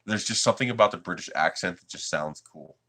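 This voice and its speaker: A man's voice: low voice, fast, fairly bright tone. A man from the United States hosting a 3D printing livestream, chatting casually with his viewers and chuckling often.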